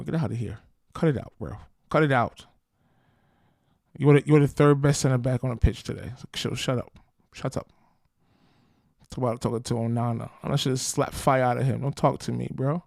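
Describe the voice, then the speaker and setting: A man's voice: mid-range voice, vocal fry, darkish tone, no echo, studio quality. A man hosting a football podcast, talking in brash, slangy, trash-talking fan commentary.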